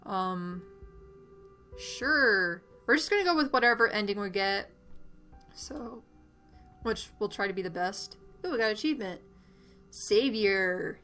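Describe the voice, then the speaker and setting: A woman's voice: medium pitch, expressive, unhurried, long pauses, pushed and bright, faint music behind. A woman streamer reading visual novel dialogue aloud, swearing casually and cutting in with her own asides. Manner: swears casually, jumps between voices and asides.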